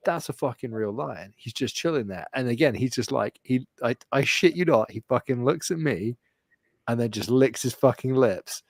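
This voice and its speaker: A man's voice: mid-range voice, moderate pace, no room sound, clean studio sound. Man telling a sweary story. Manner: animated swearing storyteller, mimics voices. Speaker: podcast co-host. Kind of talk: casual chat.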